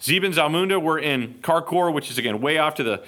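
A man's voice: on the high side, fast. A man teaching a Bible study in a casual, joking way, often checking in with his listeners. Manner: lively, jokey, checks in with "okay?".

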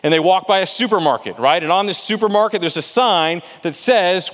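A man's voice: high voice, lively intonation, fairly quick, a bit bright, big-room sound. A man preaching a sermon in a conversational way, asking rhetorical questions and often repeating words as he goes. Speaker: pastor.

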